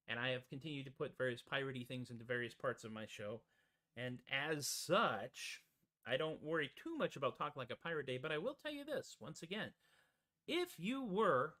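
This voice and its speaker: High, bright-voiced man joking between songs. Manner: rambling, jokey, self-mocking asides. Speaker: host and musician. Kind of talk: casual chatty stage patter. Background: ukulele.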